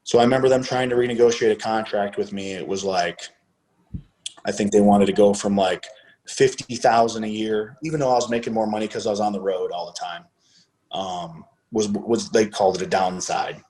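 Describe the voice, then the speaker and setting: A man's voice: fairly low pitch, fairly even intonation, fairly quick, darkish tone. A man guest on a podcast interview, retelling past events in a casual, profane way and acting out the dialogue as he goes. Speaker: podcast guest, former wrestler.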